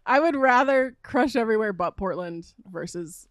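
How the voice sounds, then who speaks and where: Female podcast co-host, wry, animated delivery, dry close sound. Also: fairly high pitch, normal speed, dry recording. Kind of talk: casual comedy podcast chat.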